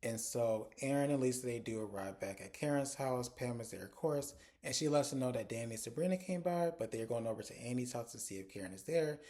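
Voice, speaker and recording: A man with a mid-range voice reviews a TV episode in an animated, frank way, talking straight to his viewers. When he quotes the characters, his pitch jumps up to mimic the women. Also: fairly quick, hardly any pauses. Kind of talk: casual episode recap.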